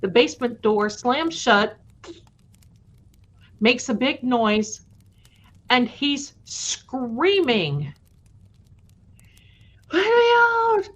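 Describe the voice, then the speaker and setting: A woman's voice: a little high, very animated, extremely slow, pauses often. A woman hosting a live stream, chatting affectionately with viewers and telling spooky stories in a casual way. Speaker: live-stream storyteller host. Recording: dull lo-fi stream audio.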